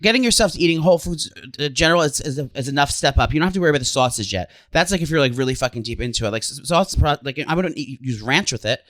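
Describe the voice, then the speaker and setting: A young man co-hosting a podcast, chatting casually and swearing freely in quick rambling bursts. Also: a little high, lively intonation, a bit bright, no room sound. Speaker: podcast co-host. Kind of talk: casual chat.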